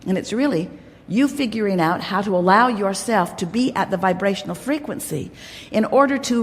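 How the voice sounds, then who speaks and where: A woman giving an inspirational workshop talk to a crowd, emphatic and playful, speaking as "we". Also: fairly high pitch. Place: large hall. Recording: long hall reverb.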